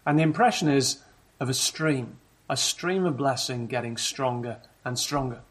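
A man preaching in a church, with a slightly husky, breathy voice at a medium pitch. He explains things patiently and steadily, stopping now and then to put rhetorical questions to his listeners. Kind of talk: sermon.

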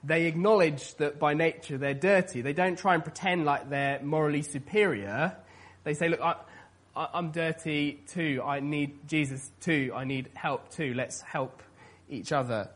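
A man's voice: fairly high pitch, a little slow, fairly bright tone. A man preaching a sermon in an earnest, conversational way, with many fillers. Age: adult, past his teens.

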